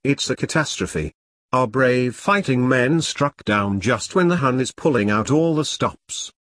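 A man's voice: mid-range voice, lively intonation, a bit bright, no room sound, studio quality. A man reading as a pompous army captain. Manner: bossy, brisk, dismissive. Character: pompous self-important middle-aged male platoon captain.

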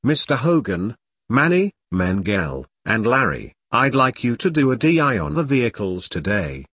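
A man's voice: mid-range voice, big pitch swings, normal speed, a bit bright, slightly rough, no echo. A man voicing an impatient British army major giving his troops curt orders. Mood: commanding. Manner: curt, commanding briefing tone. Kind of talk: audiobook character reading.

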